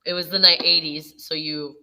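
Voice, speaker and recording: A woman's voice: sits low, steady tone, moderate pace, sharp tone, poor audio. A woman in her forties, a co-host who chats casually, tells stories and laughs often. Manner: chatty storyteller, laughs often. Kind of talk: casual chat.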